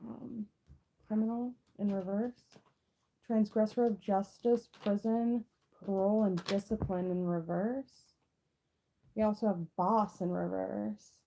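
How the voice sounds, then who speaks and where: A woman's voice: medium pitch, steady tone, takes it slowly, gravelly, dark tone, slight background noise, poor audio. A young woman giving a casual tarot reading to camera, rambling with lots of "like" and restarts. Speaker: tarot reader.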